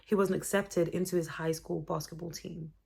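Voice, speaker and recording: Gravelly-voiced young woman. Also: lowish voice, moderate pace. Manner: chatty, expressive, faith-based encouragement. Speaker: vlogger. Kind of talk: motivational talk to camera.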